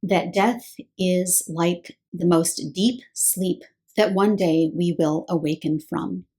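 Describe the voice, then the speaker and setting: Low-voiced woman teaching scripture. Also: takes it slowly, mellow. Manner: explanatory, poses rhetorical questions. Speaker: Bible teacher.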